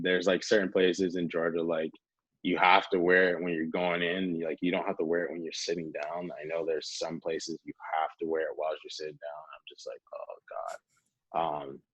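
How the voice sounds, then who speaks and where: Young male guest from North Carolina, low voice, rambling anecdotes, dull lo-fi audio. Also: a bit bright, dry recording. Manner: rambling, peppered with 'like', acts out quotes. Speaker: guest, pro hockey player. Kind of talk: casual storytelling.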